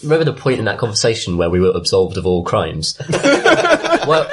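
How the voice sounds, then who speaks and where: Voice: deep voice, very animated, a little fast, very noisy. A player at a tabletop game, dry and ironic. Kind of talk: casual tabletop play.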